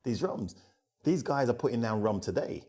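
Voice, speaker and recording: A middle-aged man, a rum ambassador, talking as a guest in a conversational interview, telling animated stories and laughing often. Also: mid-range voice, normal speed. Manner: animated storyteller who acts out dialogue and laughs often.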